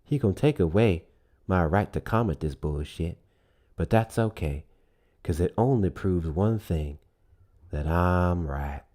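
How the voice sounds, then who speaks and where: A man's voice: sits low, a little slow, dark tone. A man doing a smug, stubborn bigoted voter. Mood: smug mocking. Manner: mocking, sing-song taunting. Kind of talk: mocking impression.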